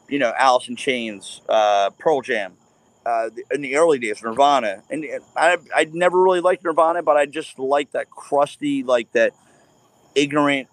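A man's voice: mid-range voice, dry recording. Man, 40s, casual chat, profane storyteller, dry close sound. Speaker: podcast guest.

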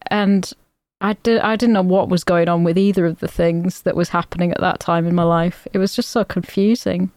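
A woman's voice: fairly low pitch, steady tone, normal speed, darkish tone, no echo, studio quality. A woman co-hosting a podcast, telling candid, self-mocking stories in casual, sweary chat. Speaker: podcast co-host. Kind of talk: casual film review chat.

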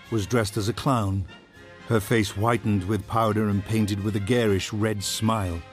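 A man narrating a dark novel as an audiobook, in a measured, dramatic storytelling style. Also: fairly low pitch.

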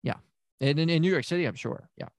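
A man hosting an improvised comedy podcast as a therapist, rambling and stammering with deadpan asides. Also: fairly high pitch, fast talker, creaky, no room sound. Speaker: podcast host playing a therapist.

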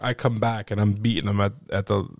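A man hosting a home podcast, telling an animated, profane story in casual chat and acting out the voices of the people he quotes. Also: fairly low pitch, brisk, dry recording, clean studio sound. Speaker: podcast host.

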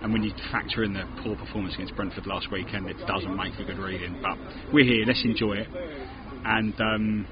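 A man with an English accent co-hosting a casual podcast outdoors, measured and hesitant, with frequent ums and restarts. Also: on the low side, steady tone. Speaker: podcast co-host. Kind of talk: casual chat. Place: outdoors at a city-centre bar. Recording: muffled outdoor recording with loud street noise. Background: loud street noise.

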